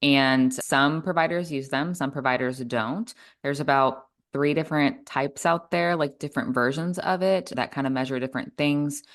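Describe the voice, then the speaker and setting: A woman podcast host with a strikingly deep voice, far below most women's. She explains things to listeners plainly, in a measured, affirming tone.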